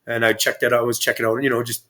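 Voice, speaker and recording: A man's voice: mid-range voice, level tone, racing, bright, forceful tone. A man guest on a podcast interview, telling stories in a rambling, profane way with many restarts. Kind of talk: casual storytelling interview.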